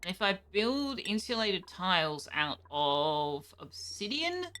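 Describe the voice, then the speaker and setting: Bright-voiced woman streamer thinking aloud. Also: on the low side, big pitch swings, a little hiss or hum. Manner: thinks aloud, chatty, reacts with quick surprise. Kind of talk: casual live gameplay commentary.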